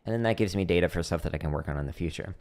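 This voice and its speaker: A man's voice: low-pitched, racing, a little mellow. A man hosting a drumming livestream, chatting casually and explaining practice step by step with self-deprecating humor.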